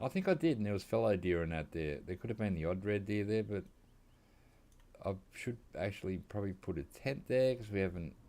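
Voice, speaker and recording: A man's voice: on the low side, creaky, a little mellow. An Australian man streaming from home, giving laid-back, rambling gameplay commentary and chuckling often. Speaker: game streamer.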